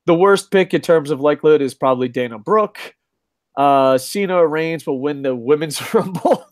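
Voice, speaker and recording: A man's voice: on the high side, moderate pace, no echo, studio quality. A middle-aged man hosting a casual live-stream chat, reading viewer comments aloud, swearing freely and laughing often. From lives in Japan. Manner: profane, joking, laughs often. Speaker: podcast host reading chat.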